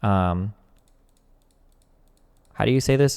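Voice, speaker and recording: A man's voice: lowish voice, creaky. Young man streaming with a reverby mic. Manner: reads text aloud quickly, breaks off to chat and joke; swears casually. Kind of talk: casual live-stream commentary.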